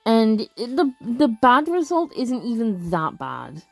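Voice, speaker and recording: Young woman, casual let's-play commentary, rambling and animated; dry close mic with soft music. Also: fairly high pitch, slow pace, creaky, no room sound. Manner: chatty, rambling, many fillers and restarts. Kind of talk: casual game commentary and reading aloud.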